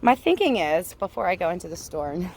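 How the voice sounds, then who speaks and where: A woman's voice: lowish voice, very animated, fairly quick, darkish tone, slight background noise. A woman giving a blunt, profane, ranting monologue while walking outdoors, with frequent laughs, recorded on a handheld phone. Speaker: vlogger. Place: outdoors, walking near traffic.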